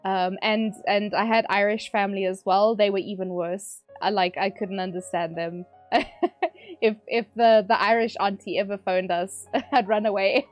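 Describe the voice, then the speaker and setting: A chatty woman streams a game and talks with her viewers, tossing in fillers and laughing often. Her pitch sits in a middle range. Faint game music plays underneath. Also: fairly even intonation, normal speed, dull audio. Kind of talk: casual chat while gaming.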